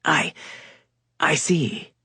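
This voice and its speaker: A woman voicing a gruff, forbidding gentleman in an audiobook, curt and clipped. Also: extremely slow, dry recording, studio quality. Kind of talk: audiobook character reading.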